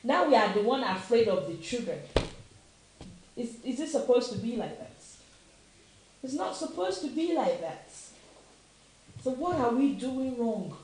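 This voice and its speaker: Her slightly high, slightly mellow voice swings widely in pitch, unhurried and broken by long pauses. A middle-aged Nigerian commentator with a Nigerian accent, she gives an impassioned opinion talk with emphatic repeated questions and Yoruba phrases, in a very echoey room with faint noise.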